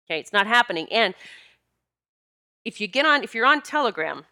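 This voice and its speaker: A woman's voice: a little high, very animated, fairly quick, sharp tone. A woman talking casually and emphatically to her viewers, often repeating herself to stress a point. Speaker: vlogger addressing viewers. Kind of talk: casual monologue to camera.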